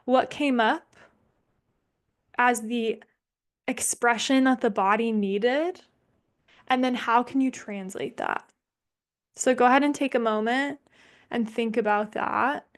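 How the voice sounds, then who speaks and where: A young woman leading an online somatics workshop over a video call, speaking casually and candidly, swearing freely and thinking aloud with pauses. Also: fairly high pitch.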